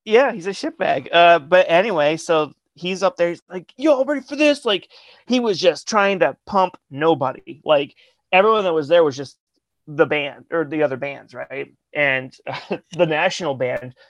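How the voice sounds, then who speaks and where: A man's voice: fairly high pitch, normal speed, no echo. A man, a guest musician, telling a rambling funny story in casual talk, swearing and laughing often.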